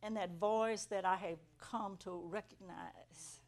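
Middle-aged woman preaching a personal testimony, earnest storyteller who swells to emphatic highs. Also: takes it slowly, darkish tone. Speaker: church teacher giving testimony to students. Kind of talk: testimony sermon.

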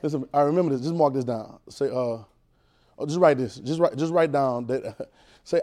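A man's voice: medium pitch, a little fast, mellow. A man preacher teaching a Bible class, repeating phrases and pulling call-and-response answers from the room.

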